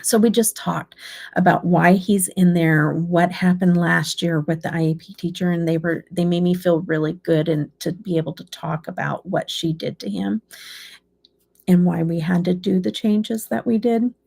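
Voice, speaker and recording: A woman's voice: on the low side, fairly even intonation, moderate pace, vocal fry, a little mellow, husky. A middle-aged woman chatting casually to her viewers, rambling and emotional as she tells a story about her son. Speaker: beauty channel host. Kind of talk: casual chat.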